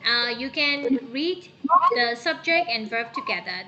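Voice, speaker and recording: A woman teaching an English class in a high, bright voice. She coaxes answers from students with frequent "okay"s and clears her throat often. A faint hiss sits under her voice. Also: animated, measured pace, low-quality recording. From Myanmar.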